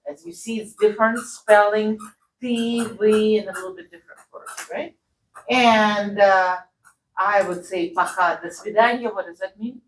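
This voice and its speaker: A woman's voice: mid-range voice, steady tone, unhurried, reverberant, far from the mic, slight background noise, rough recording. A woman who speaks Russian natively, teaching a language lesson in English and having the learner repeat phrases after her. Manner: patient, drills phrases for repetition, checks with "right?".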